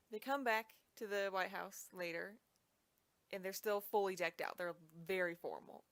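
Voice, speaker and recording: A woman's voice: lowish voice, fairly bright tone, no echo. Young woman, casual storyteller, chatty, filler words, dry sound. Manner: chatty, lots of "like". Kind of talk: casual comic history retelling.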